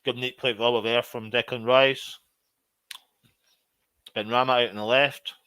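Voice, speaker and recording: A man hosting a live fan watch-along, commentating on the match, shouting at big moments and grumbling at his own players. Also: medium pitch, fairly even intonation, a little slow, clear, resonant tone, no echo. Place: at home.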